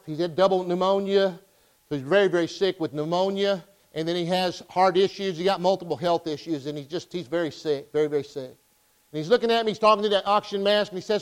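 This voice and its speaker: Fast-talking high-voiced pastor. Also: male voice, smooth, low-quality recording. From Arkansas. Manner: impassioned storytelling, fast with emphatic rising bursts. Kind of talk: sermon.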